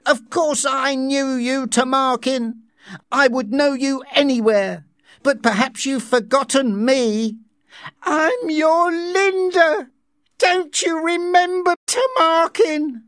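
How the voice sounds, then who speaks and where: A man reading aloud voices a desperate, aging woman who pleads slowly in a high, strained, tearful voice. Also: steady tone, fairly bright tone, no echo, clean studio sound, full character voice. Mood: pleading. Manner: slow, drawn-out pleading.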